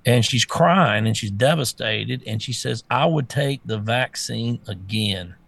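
A man's voice: mid-range voice, unhurried, gravelly, fairly bright tone, husky. A man co-hosting a casual talk show, blunt and exasperated, often stammering and restarting. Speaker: co-host.

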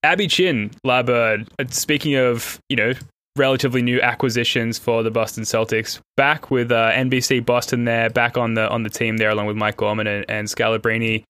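A man's voice: mid-range voice, steady tone, brisk, bright, forceful tone, clean tone, dry recording. Aussie guy hosting a podcast, laid back, laughs a lot, dead dry mic. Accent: Australian. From Australia. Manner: easygoing, laughs often. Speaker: podcast host. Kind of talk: casual podcast chat.

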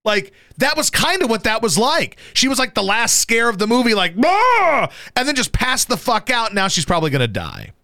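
A man hosting a radio show, chatting casually about sports in a profane, animated way and jumping into high yelps to mimic people. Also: brisk, few pauses, no echo, studio quality. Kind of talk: casual sports talk banter.

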